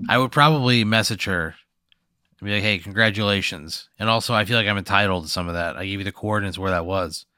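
A man bantering on a comedy podcast, low-key and exasperated, swearing often. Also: quick pace, pushed and bright, no echo, studio quality. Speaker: podcast co-host.

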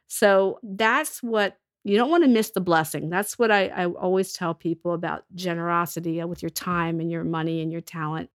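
A woman's voice: lowish voice, steady tone, normal speed, few pauses, smooth, dry recording, clean studio sound. A woman with a cold, telling earnest stories as a ministry leader in a casual podcast chat. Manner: earnest storytelling with restarts. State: has a cold.

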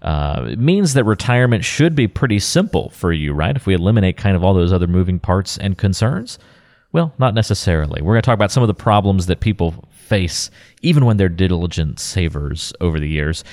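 Deep-voiced man hosting a radio show. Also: very animated, brisk, a little mellow. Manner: smooth, scripted lead-ins, jokey asides.

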